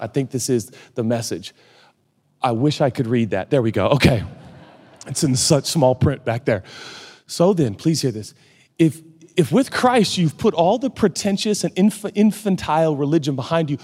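A man in his forties preaching a sermon from a stage, animated and a little out of breath, dropping low and then shouting. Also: normal speed. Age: 40s. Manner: animated, swings from hushed to shouting. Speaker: pastor. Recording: hall reverb.

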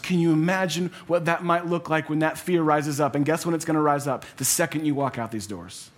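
A man's voice: fairly high pitch, brisk, few pauses. A man in his thirties preaching to a church congregation, telling a personal family story in an earnest, conversational way. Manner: earnest and conversational, acting out quotes. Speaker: pastor.

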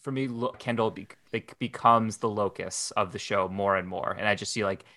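A man's voice: fairly low pitch, steady tone, normal speed, sharp tone. A man appearing as a guest on a podcast, chatting casually and restarting his sentences as he thinks aloud. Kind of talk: casual chat.

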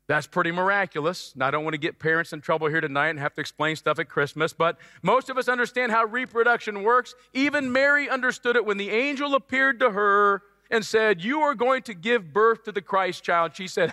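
A man preaching a sermon in an animated, emphatic, joking way with sudden loud stresses. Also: high-pitched, normal speed, dry recording, studio quality, in a large hall. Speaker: pastor.

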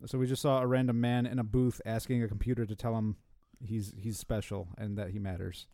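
A man's voice: fairly low pitch, a little fast, no echo, clean studio sound. A man co-hosting a podcast, chatting casually about a film, laughing often and quoting lines. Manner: animated, laughs often, quotes the film in put-on voices. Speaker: podcast co-host. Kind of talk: casual movie commentary chat.

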